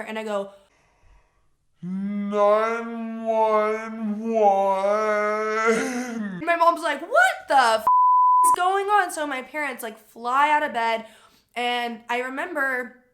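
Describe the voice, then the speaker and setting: A young woman telling a personal story to camera in a casual, animated way, with lots of "like" fillers. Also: a little high. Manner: animated retelling with frequent "like" fillers.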